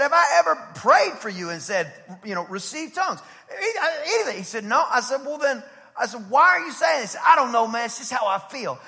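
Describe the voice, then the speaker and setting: A man preaching a sermon in a church, swinging from loud, driving build-ups to casual storytelling asides. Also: high voice, long reverb tail. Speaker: pastor. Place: church sanctuary.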